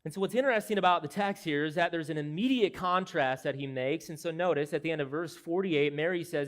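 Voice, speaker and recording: A man's voice: fairly high pitch, quick pace, hardly any pauses, a bit bright. A man preaching an expository sermon as pastor, speaking in an earnest, emphatic, explanatory way.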